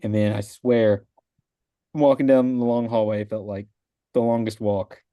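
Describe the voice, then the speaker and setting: Speaking slightly low and mellow with fairly even intonation and a moderate pace, a guest shares how he passed his exam over a video call. He is an adult father with a wife and young kids, and he rambles casually, leaning on "like" and acting out quoted voices. The tone is clean, with no echo and studio quality.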